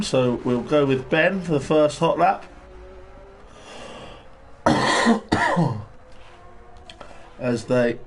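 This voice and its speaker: A man giving relaxed live commentary on an online race and greeting viewers in the chat. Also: fairly high pitch. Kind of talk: live sim-racing commentary. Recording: noisy stream with engine sound behind.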